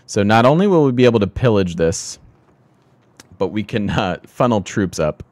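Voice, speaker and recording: A low-pitched man streams a strategy game and comments casually on every move. He thinks aloud and pokes fun at himself. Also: lively intonation, moderate pace, darkish tone, no room sound. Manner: chatty, thinking aloud, self-deprecating. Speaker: let's play streamer.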